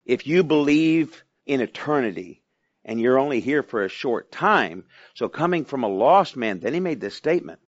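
A man's voice: mid-range voice, lively intonation, normal speed, dry recording. Man preaching, chatty, lo-fi sound. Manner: conversational, asks the listeners questions. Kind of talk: sermon.

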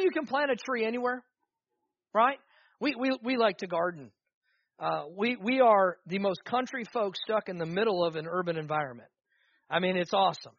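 A man's voice: high voice, a bit bright, dry recording, dull audio. A man preaching a sermon as pastor, with rising fervor and repeated emphatic phrases.

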